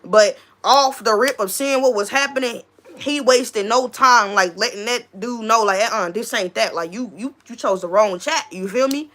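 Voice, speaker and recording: Bright, animated woman livestreaming. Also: on the high side, normal speed. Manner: animated, slangy, laughs often. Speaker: livestream host; school staff member. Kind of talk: casual livestream chat reading comments.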